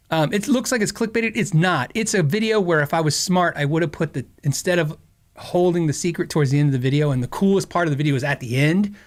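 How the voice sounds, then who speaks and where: Middle aged podcast host guy, chatty and rambly, laughs a lot, slightly high voice. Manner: rambling, laughs often, animated quoting. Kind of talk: casual storytelling chat.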